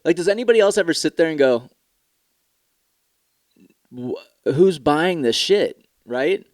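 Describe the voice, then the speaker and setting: A man's voice: on the high side, expressive, measured pace, no room sound, studio quality. A man hosting his own podcast, talking candidly and profanely in a rambling, casual way, with mock commercial voices thrown in. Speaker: podcast host. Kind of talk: casual solo podcast talk.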